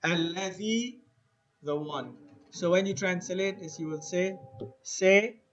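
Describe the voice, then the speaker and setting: A man teaching an Arabic lesson to a class, slowly spelling words out letter by letter and repeating them. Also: high voice, lo-fi sound.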